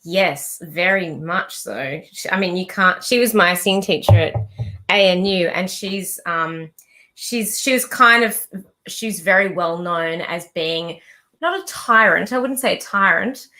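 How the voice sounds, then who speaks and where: Woman, bright forceful voice, chatty storyteller, casual chat, swears freely. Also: on the low side, a little slow. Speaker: musician guest.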